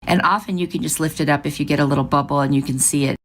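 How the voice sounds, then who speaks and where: A woman's voice: sits low, fairly even intonation, racing. A woman hosting a craft channel, chatting through each step of a project in a casual, upbeat way. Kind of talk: casual craft tutorial narration.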